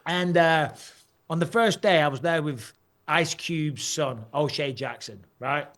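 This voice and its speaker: A man, a guest on an interview show, telling stories in a lively way and laughing often. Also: a little high, a little slow. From Britain. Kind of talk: casual interview chat.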